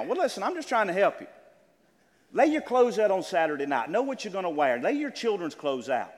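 An older man preaching a sermon to a congregation, calling out amens and building to loud, exclaimed lines. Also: high-pitched, very animated, fairly quick. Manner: preaching with call-and-response amens, building to shouts. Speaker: pastor. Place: church. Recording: church hall with long reverb.

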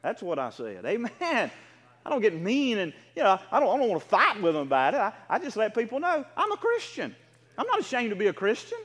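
A man's voice: sits high, wildly swooping pitch, fairly quick, long reverb tail. A male preacher, delivering an emphatic, fervent sermon and calling out to his congregation for responses. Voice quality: emphatic, rising to fervent shouts. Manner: call-and-response, exhorting the congregation.

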